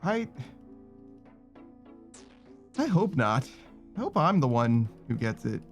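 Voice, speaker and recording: A man's voice: very animated, slow pace, soft background music. A man streaming a video game, chatting casually, swearing often, reading chat aloud and tacking meow onto his sentences. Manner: frustrated outbursts in a raised, higher voice. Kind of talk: casual gaming stream commentary.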